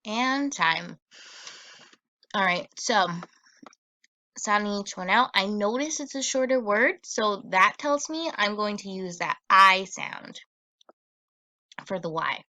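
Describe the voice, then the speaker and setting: A woman teacher giving a recorded phonics lesson for children, sounding out words slowly and patiently. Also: medium pitch, lively intonation, bright, forceful tone, no echo.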